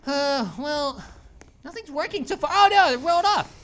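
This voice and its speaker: A woman voicing an excitable, goofy cartoon grape who gives let's-play commentary as a gaming channel host. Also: high voice, moderate pace. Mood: excited. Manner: excitable, exclaims and laughs, cartoonish.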